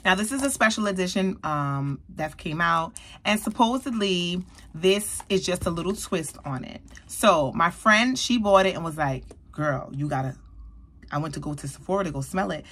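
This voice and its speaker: A beauty vlogger, probably in her thirties, gives a casual, chatty, animated perfume review while speaking directly to her viewers. Her voice sits on the low side, with a breathy edge and a fairly quick pace.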